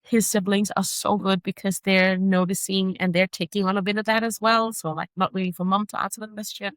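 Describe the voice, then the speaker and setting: A mother speaking earnestly as a podcast guest, reflective and frank, at times echoing questions in a higher voice. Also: flat delivery, brisk. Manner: earnest, reflective, often acts out her son's repeated questions in a higher voice. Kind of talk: candid interview conversation.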